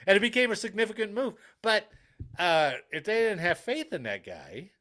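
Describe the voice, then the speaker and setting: A man's voice: high-pitched, normal speed. A man co-hosting a casual podcast chat, telling stories and acting out the voices of people he quotes. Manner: animated storyteller, acts out quoted voices. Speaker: podcast co-host.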